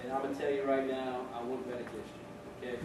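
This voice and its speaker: A man's voice: mid-range voice, level tone, fast. Echoey, far-off man telling stories at a ceremony. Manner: storytelling, repeats words, laughs often. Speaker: officer giving a retirement speech. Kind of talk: informal ceremony speech. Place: ceremony room, speaking before an audience. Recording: echoey room, distant mic, background noise.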